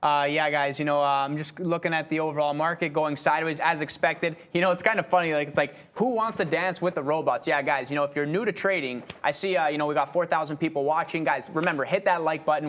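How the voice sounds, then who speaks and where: A man talks quickly in a slightly raised voice and breaks up his analysis of price levels with constant fillers. He speaks loosely and casually as a co-host of a live studio trading stream. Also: on the high side, fairly bright tone. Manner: rapid, filler-heavy, keeps saying "like". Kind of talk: live market commentary.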